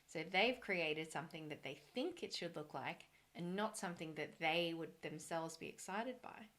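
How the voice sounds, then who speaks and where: A woman talking as a brand coach, earnest and encouraging, thinking aloud with a slightly hoarse voice. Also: sits low, lively intonation, moderate pace, a bit bright. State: a little hoarse. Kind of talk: solo talk on branding.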